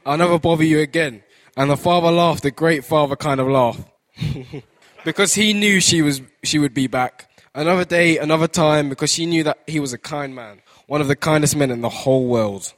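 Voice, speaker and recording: A man's voice: a little high, normal speed, a bit bright. A man telling a children's story in church in an easygoing way. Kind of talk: read-aloud storytelling.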